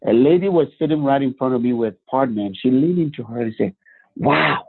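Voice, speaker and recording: A man telling his life story as a guest, animated, with rhetorical questions and acted-out quotes. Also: mid-range voice, quick pace, husky. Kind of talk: personal storytelling. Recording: phone-like narrow band.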